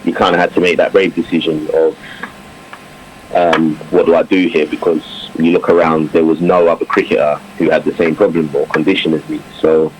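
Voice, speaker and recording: A former English cricketer chatting in an interview, reflective, with many fillers and restarts. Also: male voice, extremely low pitch, little pitch movement, a little fast, a little mellow, low-quality recording. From England. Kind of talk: casual interview talk. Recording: faint background noise.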